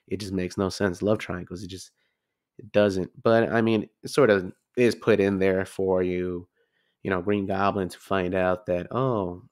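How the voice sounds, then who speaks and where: A man's voice: lowish voice, normal speed, darkish tone, no echo, clean studio sound. A man in his twenties rambling casually through a movie review, swearing freely. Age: 20s.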